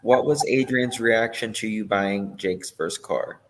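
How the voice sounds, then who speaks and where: A man's voice: fairly low pitch, measured pace, a bit bright. A man hosting a casual interview, reading out viewer questions and laughing along with his guest. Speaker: host.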